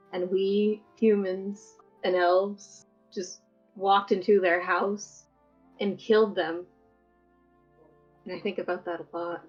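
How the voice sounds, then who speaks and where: Woman playing an earnest elf musing slowly. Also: lowish voice. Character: earnest female elf adventurer, philosophical. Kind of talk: in-character tabletop role-play. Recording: dull lo-fi audio, faint music.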